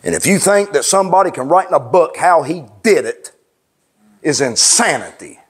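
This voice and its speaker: A male pastor preaching a plainspoken, fervent sermon, swinging from low talk to raised shouts. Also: big pitch swings, moderate pace, husky. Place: church.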